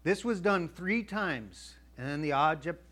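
A man's voice: on the high side, animated, a little slow, a bit bright. A male pastor preaching a sermon in a conversational way, acting out the voices of a Bible story and checking in with his listeners. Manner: checks in with the audience.

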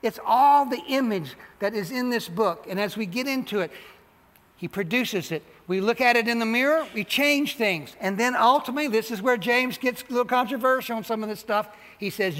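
Male pastor, high bright voice, emphatic sermon delivery, reverberant church hall. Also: normal speed. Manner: animated preaching, repeats and stresses phrases. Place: church sanctuary.

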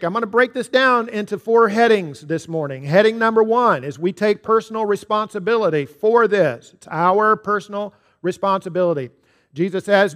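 Casting note: male pastor, higher-pitched voice, preaching a Sunday sermon with a light comic touch. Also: a bit bright. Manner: preaching with humor and a told joke.

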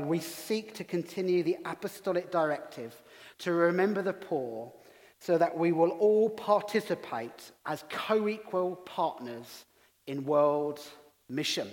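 A middle-aged English man preaching as a pastor, telling stories with self-deprecating humour. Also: fairly high pitch. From England. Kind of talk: sermon. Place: church hall. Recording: long reverb of a church hall.

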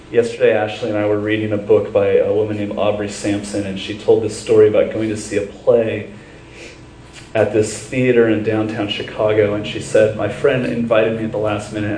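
A man in the pulpit delivers an earnest sermon, his fairly low voice carrying from some distance off the mic. The church around him is roomy and echoing, with a faint hum of ambience underneath. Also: a little mellow. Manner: earnest storytelling, then leads prayer. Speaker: pastor.

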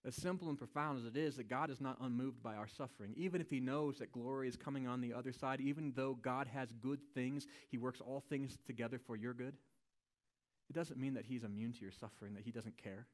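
A male pastor delivers his sermon in an easygoing, conversational manner. His voice sits at an ordinary middle pitch, and he keeps checking in with the listeners with a quick "right?". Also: steady tone. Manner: casual and conversational, often adds a questioning "right?".

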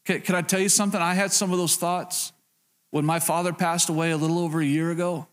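A pastor preaches to his congregation, his voice sitting a little high for a man. He speaks directly and earnestly to them, often stopping to ask "can I tell you something" and circling back to the same phrases. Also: level tone, fast talker. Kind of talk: sermon.

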